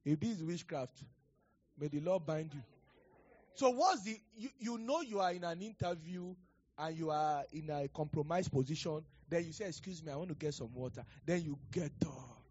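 Male pastor, husky and slightly high, preaching with lively storytelling and loud declarations. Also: moderate pace, lo-fi sound. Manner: animated, acts out dialogue, rising to loud declarations. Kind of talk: sermon with prophecy and storytelling.

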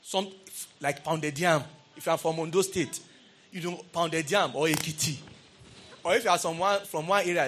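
High-voiced preacher, animated. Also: male voice, normal speed, a little hiss or hum. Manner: animated, swings between quiet asides and raised exclamations; calls out to the congregation. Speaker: pastor. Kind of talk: sermon.

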